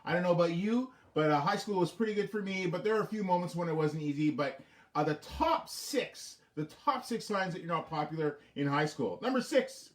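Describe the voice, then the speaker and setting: A man's voice: on the high side, quick pace. Man telling corny jokes in an echoey basement. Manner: corny, laughs at his own jokes. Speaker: host of a home talk show. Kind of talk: jokey late-night monologue. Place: home basement.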